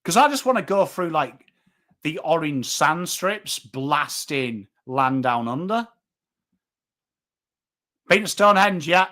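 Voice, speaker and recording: A chatty man in his thirties speaks with a northern English accent, his voice sitting a little high with a bright, forward edge. He rambles casually to viewers on a live stream, reading out names from the chat and dropping the odd swear word. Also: animated, slow, pauses often. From England. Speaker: watchalong host.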